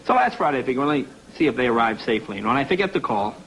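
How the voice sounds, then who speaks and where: A man's voice: medium pitch, sing-song, rapid-fire, fairly bright tone, low-quality recording. A man, a comedian guest on a talk show, telling a story and acting out both sides of the conversations. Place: TV studio with live audience. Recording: audience laughter and noise behind.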